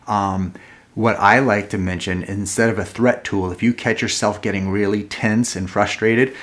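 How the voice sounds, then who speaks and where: A man hosting a parenting vlog, talking to the camera in an earnest, calm, explanatory way. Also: on the low side, moderate pace. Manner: earnest, calm and explanatory, with a playful mock-angry skit. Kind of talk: casual talk to camera.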